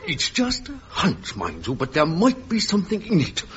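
A man voicing a deadpan spy chief in 1960s radio comedy, with a dry delivery. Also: high-pitched, normal speed, exaggerated voice. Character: meek male spy chief, then a mock concubine. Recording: dull old radio recording with hiss.

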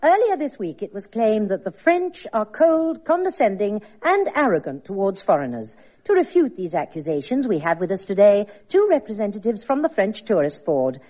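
An actress playing a polite TV presenter who speaks in a crisp presenting manner in a comedy sketch. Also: female voice, mid-range voice, sing-song, moderate pace, few pauses, dark tone, lo-fi sound.

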